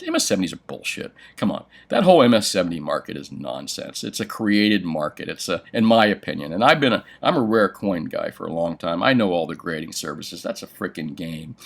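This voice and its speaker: Blunt, profane older coin-shop host. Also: male voice, on the low side. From United States. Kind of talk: livestream chat reading viewer comments.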